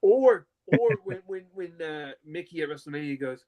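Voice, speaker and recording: A young man co-hosting a casual wrestling podcast, an animated storyteller who slips into mocking fake-crying voices. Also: on the high side, normal speed. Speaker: podcast co-host.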